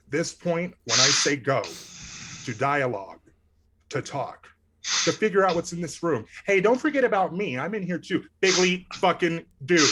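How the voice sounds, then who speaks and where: A man's voice: a little high, noisy background. A young man acting as game master, narrating a live tabletop game in a rambling way with lots of fillers.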